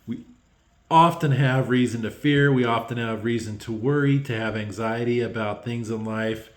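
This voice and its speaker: Halting, emotional man in an echoey room. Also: medium pitch. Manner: halting and emotional, many ums and restarts. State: tearful. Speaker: Bible devotional host. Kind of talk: unscripted devotional talk.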